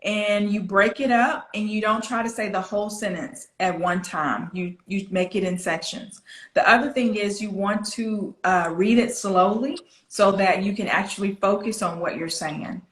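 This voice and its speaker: A woman's voice: medium pitch, normal speed, reverberant. A woman from the United States, a pronunciation coach, patiently explaining and demonstrating phrasing over a video call. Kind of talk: coaching over an online interview.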